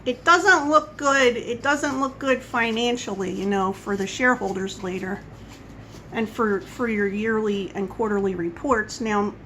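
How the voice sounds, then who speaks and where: A woman's voice: a little high, fairly even intonation, a little slow, fairly bright tone, a little hiss or hum, rough recording. A woman vlogger talking at home in a casual coffee-chat monologue, rambling and wandering off on tangents. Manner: rambling, chatty, goes off on tangents.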